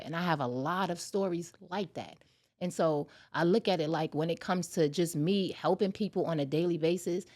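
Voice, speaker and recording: A woman guest on a podcast, telling a personal story in casual chat and acting out the lines of the people in it. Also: low voice. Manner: animated, talks fast, acts out dialogue.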